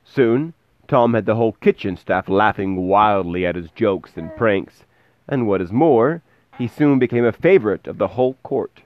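A man reading a fairy tale aloud in a lively way, pausing to explain words. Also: on the low side, no echo, muffled recording. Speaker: storyteller.

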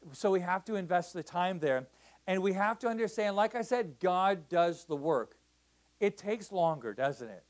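A man preaching in a church as a missionary pastor, talking to the congregation in a conversational way with many restarts and "right?" checks. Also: sits high. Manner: conversational, repeats words, asks the crowd "right?". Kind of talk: sermon.

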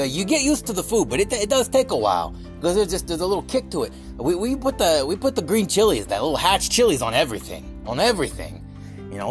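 A man with a New York accent hosting a comedic rant podcast. His voice sits a little high and swings widely as he rambles, stumbles and restarts. Faint music runs under the talk. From New York area, US. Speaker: podcast host.

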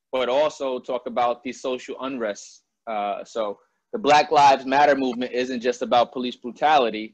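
A man from Albany hosting a casual interview, talking loosely and often checking in with "you know what I mean". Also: mid-range voice. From Albany, New York. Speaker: interview host. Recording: dull dry lo-fi sound.

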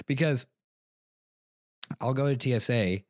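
A young man co-hosts a casual podcast, rambling through stories, playing both sides of each conversation and laughing often. His medium-pitched voice moves a little slowly, in a dry, studio-quality recording.

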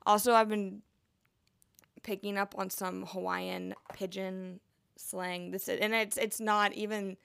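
Chatty young woman with a gravelly edge. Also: medium pitch, little pitch movement, unhurried, fairly bright tone, no room sound. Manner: chatty and rambling, playful asides. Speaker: podcast host and nurse. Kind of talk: casual chat.

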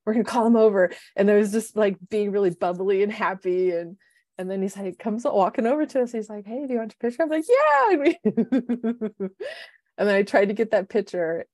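A woman in her fifties, co-hosting a podcast as a life coach, telling stories with lively quoted voices. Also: mid-range voice, fast talker, no echo. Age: 50s. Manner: animated storyteller, acts out quoted voices. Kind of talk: casual chat. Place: home, city.

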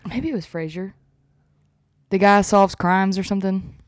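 A woman co-hosting a podcast, chiming in with quick reactions and questions in a casual chat. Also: medium pitch, fairly even intonation, clean tone, dry recording, clean studio sound. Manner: encouraging listener, quick reactive interjections. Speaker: podcast co-host.

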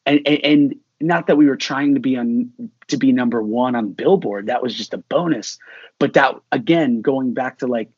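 Husky-voiced man telling a story. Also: medium pitch, no room sound. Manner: animated, acts out quoted dialogue. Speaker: musician guest. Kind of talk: casual interview storytelling. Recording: dull lo-fi sound.

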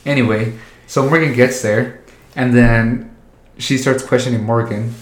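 A man's voice: mid-range voice, fairly even intonation, a little slow. A man telling stories in casual chat, crude and joking, laughing often. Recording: roomy echo.

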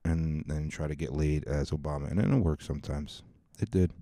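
Crude, rambling man with a deep voice. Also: fairly even intonation, moderate pace, dark tone, dry recording, clean studio sound. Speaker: podcast host. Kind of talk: casual comedic storytelling.

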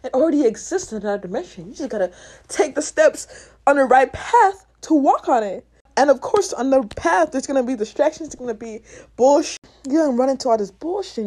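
A podcast host with a high-pitched yet dark-toned voice delivers a blunt motivational rant on her own show, full of profanity and punctuated by bursts of laughter.

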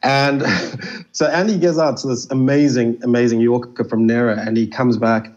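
Man, mid-pitched, casual guest storyteller, fills gaps with "you know"; slightly muffled recording. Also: fairly even intonation, normal speed, darkish tone. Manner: chatty, peppers speech with "you know". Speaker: interview guest. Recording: slightly dull lo-fi audio.

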